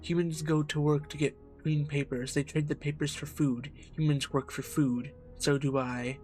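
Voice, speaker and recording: A man's voice: a little high, level tone, normal speed, a little mellow, faint music behind, close to an everyday voice. A man voicing a taunting female demon. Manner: taunting, mocking. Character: teasing cruel female demon, once a lover.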